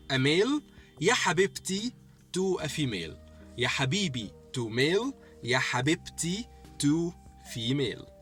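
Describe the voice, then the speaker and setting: Male teacher, lively higher voice, soft music behind, repeats phrases. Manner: repeats phrases slowly, often asks "okay?". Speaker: Arabic teacher. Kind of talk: language lesson.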